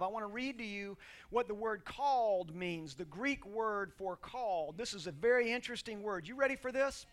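A male pastor preaching a sermon, moving from quiet scripture reading to loud, shouted exhortation and leading the congregation in call-and-response. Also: sits high, lively intonation, normal speed.

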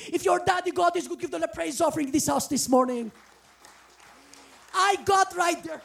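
A woman from the former Soviet Union preaching a testimony sermon, exuberant and earnest, often breaking into shouts and sung phrases. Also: extremely high pitch, creaky. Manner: earnest, pleading exhortation. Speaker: guest preacher.

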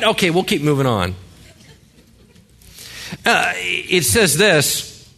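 A man's voice: high-pitched, big pitch swings, takes it slowly, creaky, pauses often, pushed and bright. A male pastor giving a sermon in a conversational way, with joking asides and rhetorical questions.

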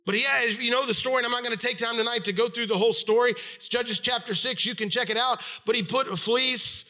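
A man's voice: fairly even intonation, fast talker, pushed and bright. A middle-aged man preaching a sermon, retelling a scripture story and acting out the voices of its people. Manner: storytelling, acts out quoted voices with pitch swings.

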